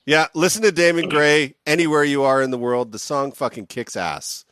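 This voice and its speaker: A man's voice: on the high side, normal speed, fairly bright tone, smooth, no echo, clean studio sound. A man hosting a casual podcast, joking, laughing often and swearing. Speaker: podcast host.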